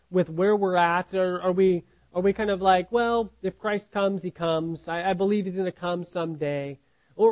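A man's voice: high-pitched, warm tone, poor audio. A man preaching a Bible sermon in an earnest, questioning way, often restarting words and asking "right?".

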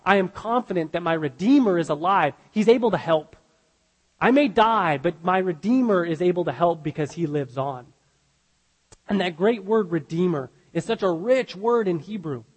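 A man's voice: high voice, moderate pace, in a large hall, rough recording. A man preaching a sermon, earnest and emphatic, often restarting his sentences. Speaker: pastor.

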